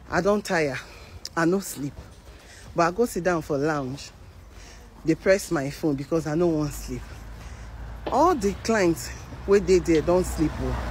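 A woman's voice: sits low, rough recording. Nigerian Pidgin woman telling a story outdoors. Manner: animated, acts out the voices of others. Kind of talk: casual storytelling to camera. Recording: outdoor traffic noise behind.

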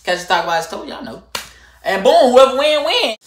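A young man telling a storytime vlog to camera, animated and slangy, swinging from loud rants to low muttering. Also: brisk, echoey room, slight background noise. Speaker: vlogger.

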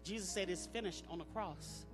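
A woman with a lowish voice preaches over music at a moderate pace during a church service. Her delivery is emphatic and repetitive, with call-and-response directed at the congregation.

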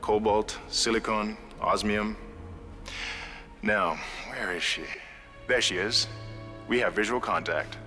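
A man voicing a confident male spaceship commander giving brisk orders. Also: fairly low pitch, steady tone, sharp tone, big-room sound, faint music behind. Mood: commanding. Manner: brisk, authoritative.

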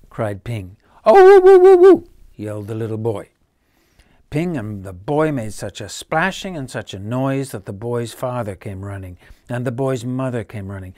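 A man reads a children's bedtime story aloud in a gentle, measured way. His voice sits at a middle pitch, and he drops to a near whisper at the quiet moments. The recording is dry and close, with no room sound. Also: no echo.

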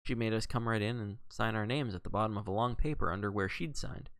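A man reading aloud and voicing an elderly, stooped male gardener who answers slowly and deferentially. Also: lowish voice, fairly bright tone, smooth, no room sound. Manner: slow, deferential, mumbling. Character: old stooped male gardener, slow and cautious. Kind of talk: audiobook character reading.

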